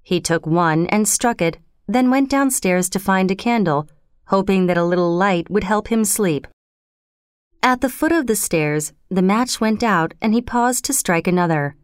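A woman reading a story aloud in a measured, steady narration style. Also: mid-range voice, clean tone, no echo, clean studio sound. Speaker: audiobook narrator. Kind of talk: scripted narration.

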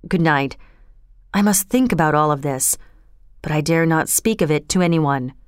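A woman voicing an anxious male court doctor who asks troubled questions in a hushed way. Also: low voice, moderate pace, clear, resonant tone, no room sound, studio quality, voice pushed down, close to an everyday voice. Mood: grave.

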